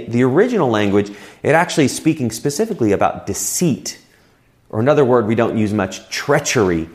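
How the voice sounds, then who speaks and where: A man preaching a sermon as a pastor, conversational and telling personal stories. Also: mid-range voice. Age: adult with children.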